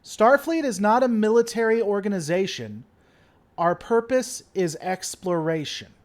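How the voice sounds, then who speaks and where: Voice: mid-range voice, expressive, measured pace, darkish tone, close to an everyday voice. A solemn male starship captain declares his lines with mock-dramatic weight, as a livestream host reads them from a script. The delivery is stiff and ceremonial.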